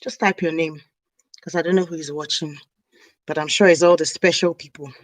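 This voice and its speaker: A woman's voice: sits low, steady tone, brisk, dry recording, low-quality recording. A woman chatting casually on a live stream, rambling and snacking as she talks. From Nigeria (South South). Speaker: hair care vlogger. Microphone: camera mic on a live stream.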